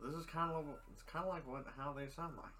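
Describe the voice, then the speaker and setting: A man's voice: a little high, fairly even intonation, fast, a crowd in the background. A man in a loose, laughing session, chatting casually between attempts at celebrity impressions. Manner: laughing, loose, trying out voices.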